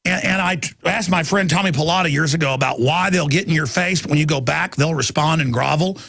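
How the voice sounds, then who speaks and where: A man's voice: a little high, fairly quick, creaky, fairly bright tone, dry recording. A talk show host, a man, ranting aggressively and acting out confrontations in quoted voices. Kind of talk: ranting monologue.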